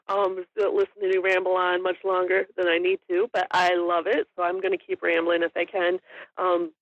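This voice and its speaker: A middle-aged woman chats as a podcast guest, her voice carrying a gravelly rasp. She rambles along with frequent ums and small laughs. The audio is dry, close and a little muffled. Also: medium pitch, no echo. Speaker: guest, hunter and store owner. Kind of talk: casual storytelling in an interview.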